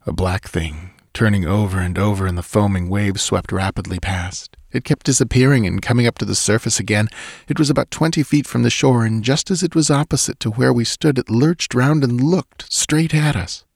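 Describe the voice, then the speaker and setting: A man narrating a story in a measured, deliberate reading. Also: medium pitch, vocal fry, breathy edge, no echo, studio quality. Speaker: audiobook narrator.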